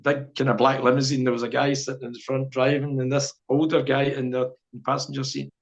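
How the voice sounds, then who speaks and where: Chuckling Scottish storyteller man, flat delivery. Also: mid-range voice, a little fast. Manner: rambling storyteller, chuckles often. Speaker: podcast guest. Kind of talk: casual anecdote telling. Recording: dull lo-fi podcast audio.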